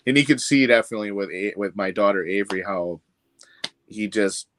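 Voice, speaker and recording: A man's voice: on the low side, fairly quick, a bit bright, slight background noise. A man chatting casually on a podcast, rambling, with frequent restarts and fillers. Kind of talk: casual chat.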